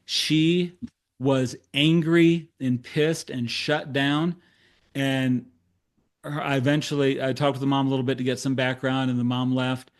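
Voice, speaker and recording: Unhurried and mid-range in pitch, a middle-aged man who works as a therapist narrates a case during a talk. He performs the quoted dialogue with animation and a self-deprecating sense of humor.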